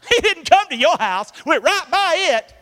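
A man's voice: extremely high pitch, sing-song, unhurried, pushed and bright. A man preaching a folksy sermon in church, calling out to the congregation and acting out quotes. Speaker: pastor. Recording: echoey hall.

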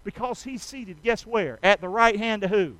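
High, folksy preacher man. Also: normal speed, fairly bright tone, no room sound, rough recording. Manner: folksy, calls out to congregation, rhetorical questions. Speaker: pastor. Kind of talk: sermon.

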